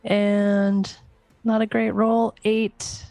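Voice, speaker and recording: A woman playing a tabletop game who speaks slowly and haltingly. She calls out her rolls and attacks one step at a time. Faint music plays behind her. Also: medium pitch, little pitch movement, gravelly, dark tone. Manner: slow, halting dice calls. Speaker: player. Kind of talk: casual tabletop game play.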